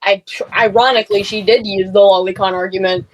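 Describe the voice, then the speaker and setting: A woman's voice: mid-range voice, fairly even intonation, brisk, low-quality recording. A woman in a casual voice chat, blunt and slangy, swearing freely.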